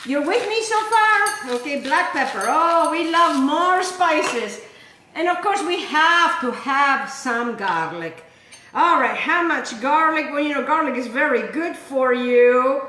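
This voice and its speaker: Bright, high-pitched exuberant woman cooking. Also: expressive, measured pace, roomy sound, slight background noise, low-quality recording. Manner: chatty and exuberant, with sudden high whoops. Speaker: cooking show host. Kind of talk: casual home cooking demonstration. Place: home kitchen.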